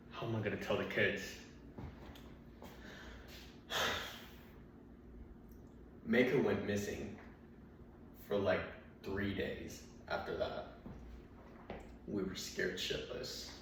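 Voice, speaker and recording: A man's voice: lowish voice, a bit bright, slight background noise. A young man doing stand-up comedy, telling a rambling, profane story and acting out his dad and his dog. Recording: very echoey room, mic at a distance.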